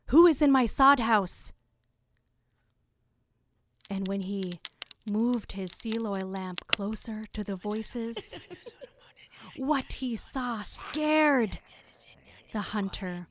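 A woman telling a folktale in a slow, deliberate way, often dropping to a whisper for suspense. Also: mid-range voice, slight background noise. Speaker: storyteller. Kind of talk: oral folktale narration.

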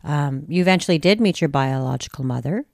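Interviewer, gravelly voice, gentle prompting, dry close recording. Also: medium pitch, lively intonation, brisk, no room sound. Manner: gentle prompting with soft affirmations.

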